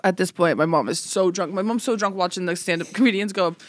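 A woman's voice: fairly low pitch, quick pace, dry recording, clean studio sound. A young woman, co-hosting a podcast and telling stories in casual chat, laughing often and cursing freely. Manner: chatty storyteller, laughs often, curses. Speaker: podcast co-host.

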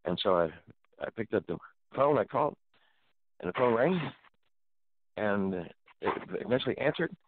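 Man, middle-aged, talk show host, animated preacherly storytelling, swooping pitch, dry tinny sound. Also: moderate pace, pauses often, slight background noise. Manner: animated preacherly, exclaims often. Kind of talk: casual storytelling.

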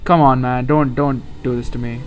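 A young man hosting a let's play, reacting excitably and profanely to a puzzle game as he plays. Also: mid-range voice, moderate pace, slight background noise. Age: young adult. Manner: excitable, profane, often laughing. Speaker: gaming channel host.

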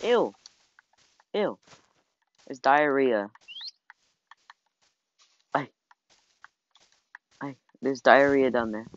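A gamer chatting casually while playing with a friend, excitable and teasing, often gasping and squealing. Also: mid-range voice, extremely slow, pauses often, slight background noise. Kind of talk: casual gameplay chat. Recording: dull lo-fi recording.

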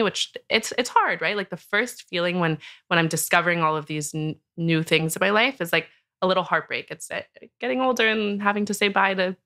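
A woman's voice: fairly low pitch, sharp tone. A woman hosting a podcast in casual chat, talking in a loose, rambling way with many "like" fillers and laughing now and then. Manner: chatty, many "like" fillers, acts out her own inner talk; laughs often while talking. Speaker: podcast host.

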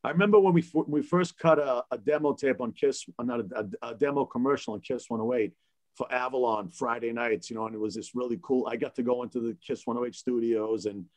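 A man from the Boston area who spins stories on a podcast panel. He is animated, laughs often and acts out the voices of people in his anecdotes, with an easy, conversational flow. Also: mid-range voice, quick pace. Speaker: guest DJ. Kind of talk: casual storytelling on a panel.

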